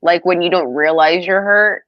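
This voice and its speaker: A woman's voice: on the low side, normal speed, dry recording. A woman co-hosting a casual show, hesitant and saying "like" often. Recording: slightly dull audio.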